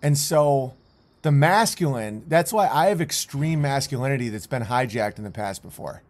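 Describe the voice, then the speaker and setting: A man's voice: mid-range voice, expressive, moderate pace. A man commentating on video clips in a rambling, intense way, with many restarts.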